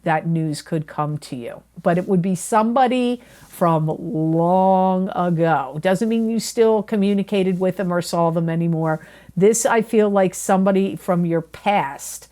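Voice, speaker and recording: With a fairly low, slightly mellow voice and a somewhat slow pace, a woman reads tarot as a monthly astrology forecast for viewers. She's earnest and chatty, repeating herself and correcting her words often.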